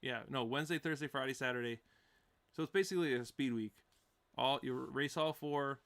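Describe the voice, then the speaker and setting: A young man in casual podcast chat, giving rambling, halting explanations full of fillers. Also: medium pitch, fairly bright tone. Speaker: racing podcast participant.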